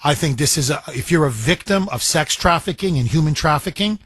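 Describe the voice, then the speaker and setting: A man's voice: a little high, lively intonation, fairly quick, fairly bright tone, breathy edge, dry recording. A man hosting a talk radio show, speaking with impassioned, indignant emphasis and taking calls. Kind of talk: talk radio monologue and call-in.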